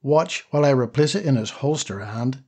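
A man reading the part of a calm, precise old male weapon shopkeeper in an audiobook, low and quiet. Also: moderate pace, breathy edge.

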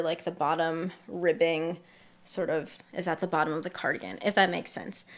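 Young woman, mild Massachusetts accent, easygoing host chatting through her crafts. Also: on the low side. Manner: chatty, laughs lightly, thinks aloud while showing work. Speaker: knitting podcast host. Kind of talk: casual show-and-tell chat.

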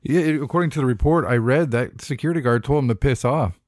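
A man's voice: mid-range voice, quick pace, slight background noise. A man co-hosting a podcast in casual chat, swearing freely and cracking jokes. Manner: heavy casual swearing, wisecracking. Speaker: podcast co-host.

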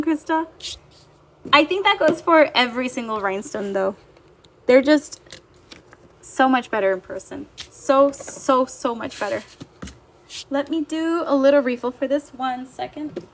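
A young woman with a high voice runs a livestream, chatting bubbly and casually while filling orders and reading viewer comments aloud. There's a faint hiss or hum on the recording.

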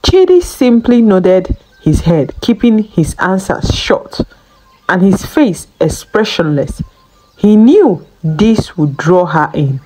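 Woman telling a folk tale real slow, voice rises and falls a lot. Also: mid-range voice, very animated, mellow, a little hiss or hum, low-quality recording. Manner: slow, lilting storytelling delivery. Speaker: storyteller. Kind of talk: scripted folktale narration.

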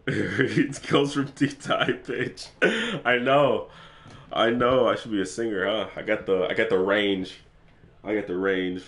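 A man giving excitable let's play commentary for his gaming channel, swearing freely as he plays. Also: fairly low pitch, measured pace.

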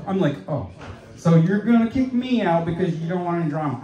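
A man doing rambling open-mic stand-up in a small venue, recorded on a handheld mic. His voice sits high and swings widely in pitch while the delivery stays slow. The room adds noticeable echo. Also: expressive, warm tone. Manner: loose, meandering, swears a lot. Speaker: stand-up comedian. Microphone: handheld stage microphone.

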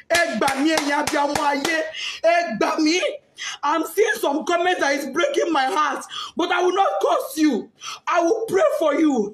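A middle-aged woman with a Nigerian accent and a high-sitting voice gives emotional testimony as a bereaved mother. Her impassioned, grief-stricken words swing between shouting and hushed speech, and she often cries. The room is echoey.

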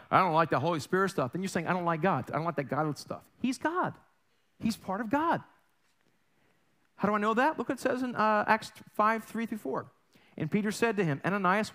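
An animated male pastor delivers a sermon from a church platform. His voice sits high for a man and leaps all over the place, swinging between hushed asides and bright bursts. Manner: animated, acts out family voices in quotes. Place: church sanctuary.

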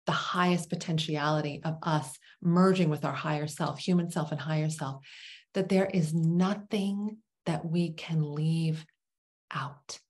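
A woman with a fairly low voice, teaching spirituality through a parable. She speaks slowly with long dramatic pauses and sinks to a hush on the words she stresses. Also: steady tone. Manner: slow, dramatic pauses, drops to a whisper on key words.

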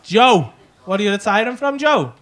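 A stand-up comedian with a Liverpool accent, working the crowd in a comedy club with brash, sweary, teasing banter into a handheld mic. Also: male voice, high voice, sing-song, moderate pace. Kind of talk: live stand-up crowd work. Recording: live club with loud crowd laughter.

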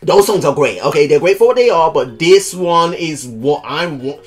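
A man hosting a music video reaction, loud and excitable, swearing and jumping into high squeals. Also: moderate pace, noisy background. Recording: music playing behind.

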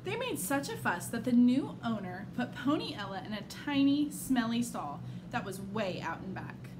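A woman on a school's staff reads a children's picture book aloud with expressive, storyteller flair. Her voice is slightly high, her pace moderate, and there's noticeable noise in the background.

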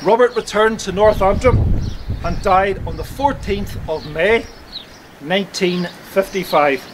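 A man speaks slowly and solemnly in a fairly high voice, giving a memorial address outdoors. He delivers it in a measured way. Faint outdoor ambience, with birds, sits behind him. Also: noisy background. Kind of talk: commemorative historical address. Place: outdoors at a churchyard.

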